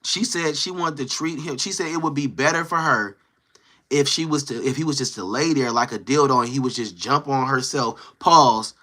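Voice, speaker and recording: A man casually retelling a story from his live stream in animated, slangy talk, acting out what others said. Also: mid-range voice, moderate pace.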